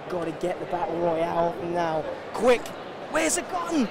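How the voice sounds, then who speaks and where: Man, high voice, excitable, joking, loud background noise. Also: a little slow, over a noisy crowd. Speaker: vlogger. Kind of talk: casual vlog chat. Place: busy convention hall. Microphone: camera mic.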